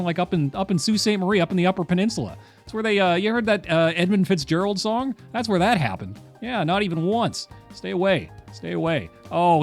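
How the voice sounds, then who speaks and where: A man chatting casually on a livestream while doing crosswords, rambling and wry, with lots of "uh" and repeated phrases. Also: a little high.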